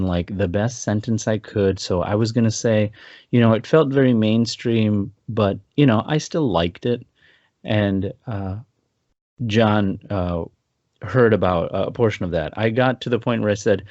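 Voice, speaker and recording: A man's voice: on the low side, no echo, highs cut off. A man co-hosting a podcast, telling a story with laughs and acting out what people said. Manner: animated, laughing, acts out quotes. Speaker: podcast co-host. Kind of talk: casual storytelling chat.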